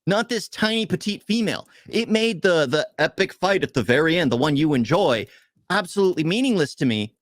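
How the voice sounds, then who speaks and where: A man on a casual movie-review podcast, ranting in an animated, exasperated way. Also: a little high, dry recording, studio quality. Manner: animated, exasperated, rapid complaining. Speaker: podcast co-host.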